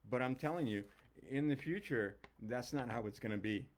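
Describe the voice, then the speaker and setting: A man's voice: medium pitch, moderate pace. A middle-aged man and longtime teacher giving a blunt, emphatic, profane ranting monologue.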